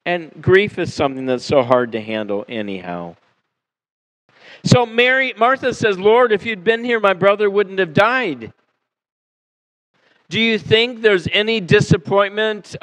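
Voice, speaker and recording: A male pastor preaching a sermon in a church, animated and conversational, acting out the people he quotes and asking his listeners questions. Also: high-pitched, a little slow, clean tone, rough recording. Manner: animated, acts out quoted voices, asks the congregation questions. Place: church sanctuary.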